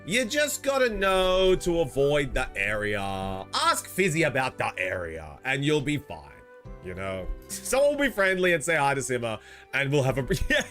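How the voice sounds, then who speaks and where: A man's voice: fairly high pitch, wildly swooping pitch, normal speed, fairly bright tone, soft background music. A man with an Australian accent chatting casually to his live chat as a streamer, slangy and laughing often.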